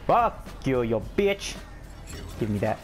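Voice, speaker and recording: A young man giving excitable commentary over his own gameplay, yelping, groaning and swearing at the game. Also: medium pitch, slow pace, slight background noise. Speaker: gaming channel host.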